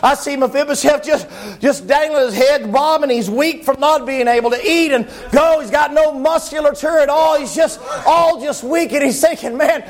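A man preaching a sermon, telling a story dramatically in long repetitive lists and bursting into shouts. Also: very high voice, moderate pace, few pauses.

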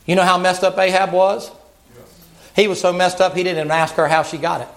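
A man preaching a sermon as a folksy, animated story, acting out the characters as he goes. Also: sits high, a little fast.

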